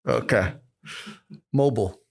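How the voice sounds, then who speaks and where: A man's voice: mid-range voice, unhurried, vocal fry, breathy edge. A man hosting a casual interview, teasing his guest and joking around. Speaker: host.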